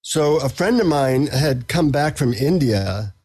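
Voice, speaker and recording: A middle-aged man, a psychotherapist and author, chatting as a podcast guest and telling anecdotes in a relaxed, self-deprecating way. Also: medium pitch, measured pace, breathy edge. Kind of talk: casual interview storytelling.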